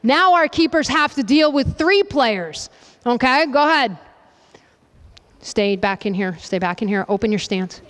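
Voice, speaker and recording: Brisk woman coach in an echoing hall. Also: fairly high pitch, animated. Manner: brisk, directive, checks in with frequent "okay?"; calls out commands loudly. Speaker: soccer coach running a goalkeeping demonstration. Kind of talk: on-field coaching demonstration. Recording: reverberant hall, voice from a distance.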